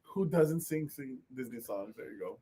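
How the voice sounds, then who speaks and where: A man's voice: medium pitch, lively intonation, normal speed, dark tone, slightly rough. A man in casual chat tossing in short crude reactions and teasing.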